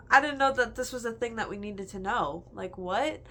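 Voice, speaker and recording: A woman's voice: a little high, bright, forceful tone. A young woman in a casual book review chat, gushing and chatty, filling her talk with "like". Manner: gushing, chatty, heavy use of "like".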